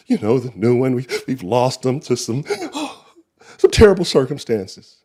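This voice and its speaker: A man hosting a casual live sports stream, rambling in an animated, slangy and profane way. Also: medium pitch, a little slow. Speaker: sports show host.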